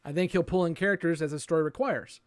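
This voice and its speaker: A man's voice: fairly high pitch, fast talker, no echo. Male podcast host, casual and musing, reads listener questions, dry close sound. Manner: reads listener questions, thinks aloud with hesitations.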